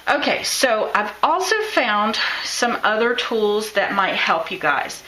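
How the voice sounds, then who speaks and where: A bright-voiced woman teaches a live craft lesson, talking casually and encouragingly as she demonstrates. The room is echoey, with faint ambience behind her. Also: mid-range voice, slight background noise. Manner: chatty, encouraging, thinks aloud while drawing.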